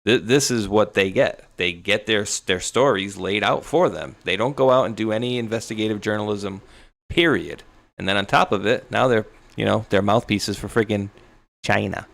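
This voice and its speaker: A man's voice: on the low side, normal speed, vocal fry, fairly bright tone, no room sound. A man co-hosting a talk show, chatting loosely and rambling with sarcastic asides. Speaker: podcast co-host. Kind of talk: casual political chat.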